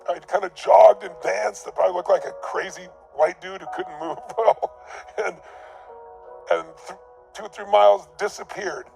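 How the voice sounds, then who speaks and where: A man giving a motivational talk, telling a personal story in an emphatic, intense way with a gravelly voice. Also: sits high, steady tone, moderate pace, darkish tone, faint music behind. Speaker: motivational speaker.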